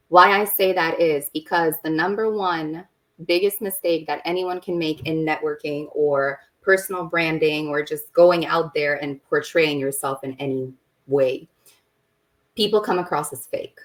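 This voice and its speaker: A woman who is a podcast guest and business owner, giving advice in a firm, deliberate way and stressing her key points. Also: deep voice, poor audio. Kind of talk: conversational podcast interview.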